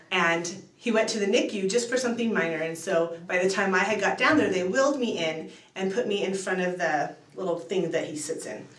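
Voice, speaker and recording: A mother telling a funny family story in a casual, animated way that builds to excited exclamations. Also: medium pitch, fairly quick, few pauses. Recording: echoey room, distant mic.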